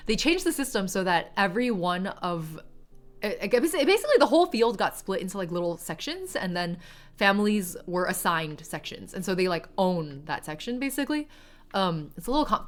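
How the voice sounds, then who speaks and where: A woman's voice: fairly low pitch, fairly bright tone. A woman streamer chatting casually on a livestream, rambling with lots of filler words and reading viewer chat aloud, sometimes in Mandarin.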